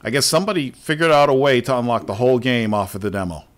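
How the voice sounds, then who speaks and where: A man's voice: mid-range voice, animated, quick pace. A man hosting a gaming podcast, chatting casually about game news, swearing freely and laughing often. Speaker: podcast host.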